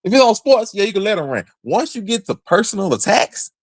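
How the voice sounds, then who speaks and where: Young man, podcast co-host, casual sports talk, slangy, animated, slightly high voice. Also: fairly quick, no echo. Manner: animated, acts out imagined dialogue, slangy.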